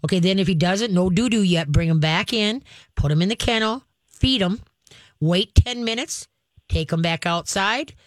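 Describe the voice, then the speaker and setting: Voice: mid-range voice, normal speed, no room sound. A radio call-in host and dog trainer giving folksy, emphatic step-by-step advice to a caller.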